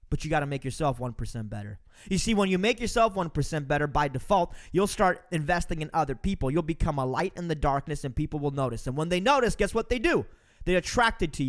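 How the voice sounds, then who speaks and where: A man's voice: high voice, a bit bright. A man hosting a podcast, giving an emphatic, preachy motivational talk to his listeners. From Romania. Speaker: podcast host. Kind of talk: motivational monologue.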